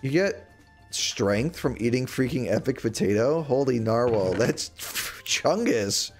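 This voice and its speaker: A young man livestreaming a game, chatting to his viewers in a rambling way and bursting into mock-outraged shouts. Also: mid-range voice, expressive, a little slow, faint music behind. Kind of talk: casual gaming livestream chat. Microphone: desk microphone.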